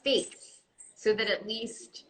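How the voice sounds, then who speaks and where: A woman in her forties, an actress, chatting playfully on a live phone stream and breaking into loud joking yells. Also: medium pitch, fairly even intonation, takes it slowly. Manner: giggly, playful, bursts into loud yelling bits. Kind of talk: casual chat on a live stream. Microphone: phone on a live video stream. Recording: roomy phone stream with faint hiss.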